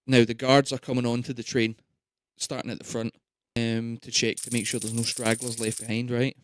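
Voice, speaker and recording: A man runs a tabletop game in a loose, chatty way, tossing in fillers and checks with his players. His voice sits at a middling pitch. The sound is dry and close to the mic. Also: flat delivery, moderate pace, no room sound. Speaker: game master.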